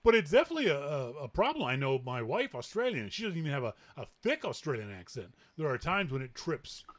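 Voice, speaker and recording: A man's voice: on the high side, big pitch swings, quick pace, a bit bright. Chatty man hosting a tech show. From Canada. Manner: chatty, laughs easily, frequent restarts. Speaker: podcast host. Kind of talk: casual tech chat.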